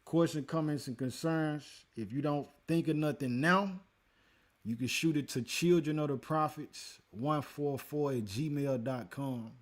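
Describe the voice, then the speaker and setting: A man hosting a livestream who reads and answers his chat in a relaxed, casual way and teaches from scripture with growing emphasis. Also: fairly high pitch, a little slow. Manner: laid-back, talks to the chat, calls listeners man and y'all.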